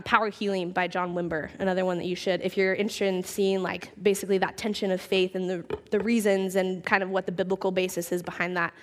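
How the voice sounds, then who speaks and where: A young woman preaching to her church in a relaxed, conversational way. She tells stories with plenty of "like" fillers and lively acted-out bits. Her pitch sits in an ordinary middle range. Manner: chatty, animated, many fillers like "like". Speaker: speaker at church. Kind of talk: casual sermon with storytelling.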